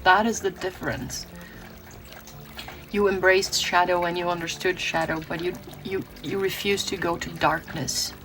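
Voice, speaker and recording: A woman's voice: on the low side, level tone, moderate pace, fairly bright tone, low-quality recording. A woman from Brazil giving a tarot reading, earnest and emotional, often restarting her words. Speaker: tarot reader.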